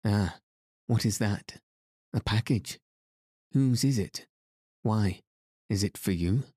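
Guy putting on a chatty french gentleman, excitable, low dark voice, dry. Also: slow pace, husky, no room sound. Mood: curious.

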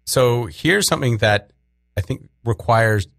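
A man's voice: mid-range voice, measured pace, creaky, dry recording, studio quality. A man hosting a casual interview, asking teasing questions in a playful way. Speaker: interviewer, host.

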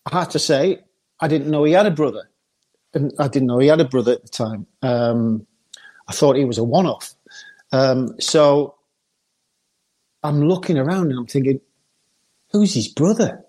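An older man, telling a lively football anecdote and often laughing. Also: medium pitch. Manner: laughs often, lively storyteller acting out others. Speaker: former footballer guest.

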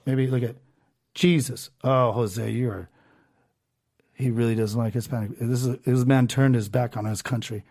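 A man's voice: medium pitch, steady tone, normal speed, creaky, a little mellow. Ranting, profane podcast host, a man. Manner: profane, ranting, reads comments aloud. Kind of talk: casual podcast chat.

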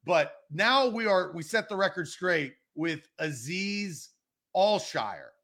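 A man's voice: high-pitched, animated, takes it slowly, a bit bright. A man co-hosting a sports podcast in casual, playful chat, going back and forth with his co-host. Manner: playful, talks over his co-host while debating pronunciations.

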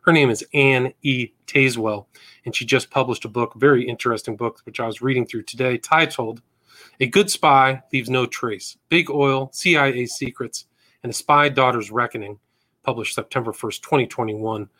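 A man's voice: mid-range voice, normal speed, sharp tone. A man hosting an interview podcast, introducing his guest in a plain, informal way with small stumbles. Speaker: podcast host.

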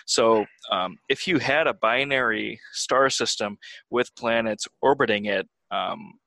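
A man with a bright, forward tone and a lowish voice explains ideas step by step in casual podcast banter. His delivery is measured and methodical. The recording is close and dry. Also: creaky, no room sound, rough recording. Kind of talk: casual group chat.

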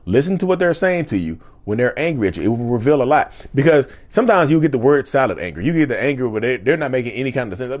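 A man's voice: mid-range voice, sing-song, quick pace, few pauses. A man talking to camera in a casual monologue, repeating his points emphatically and laughing often. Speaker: vlogger.

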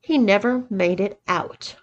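A woman's voice: medium pitch, a little slow, muffled recording, lightly acted. A woman reading the part of a sheepish young man recounting a story, matter-of-fact.

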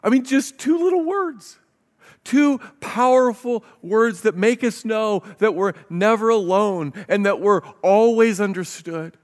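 High-voiced man preaching a sermon. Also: measured pace. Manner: earnest preaching, reads scripture aloud, repeats words as he restarts. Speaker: pastor.

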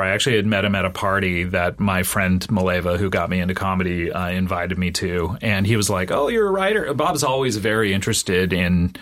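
A middle-aged man with a lowish voice, a guest talking casually on an interview show. He tells stories at an easy pace, with plenty of fillers and false starts. Now and then he mimics other people in a much higher voice. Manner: relaxed storyteller with many fillers, mimics others in high voices. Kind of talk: casual chat, telling anecdotes.

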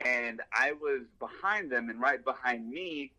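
A man's voice: medium pitch, animated, unhurried, bright, forceful tone, rough recording. A man sharing fan stories in casual chat, enthusiastic and quoting movie lines.

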